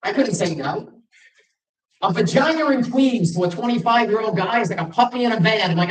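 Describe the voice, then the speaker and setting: A man's voice: sits high, expressive, fast, a little hiss or hum. A middle-aged man tells self-deprecating stand-up stories, his voice swooping up and down as he acts out both sides of a conversation. He sounds a little off the mic, and the room around him echoes. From Long Island, New York. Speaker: stand-up comedian. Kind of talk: stand-up comedy set. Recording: roomy venue, mic from a distance.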